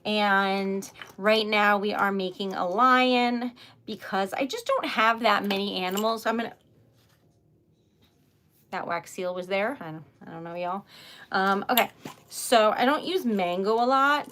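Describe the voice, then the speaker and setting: A woman's voice: medium pitch, measured pace, fairly bright tone, a little hiss or hum. A young adult woman chatting casually on a craft livestream, giggly and talkative, often saying "y'all".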